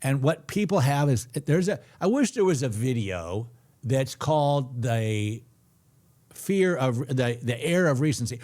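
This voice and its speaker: A man's voice: fairly high pitch, animated, moderate pace, darkish tone. A middle-aged man hosting a casual live trading stream, chatty and jokey, reading viewer comments aloud. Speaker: trading show host.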